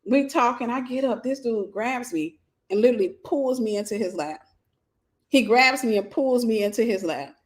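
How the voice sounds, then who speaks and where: A woman host telling a personal story, animated and repeating phrases for emphasis. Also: fairly high pitch, moderate pace.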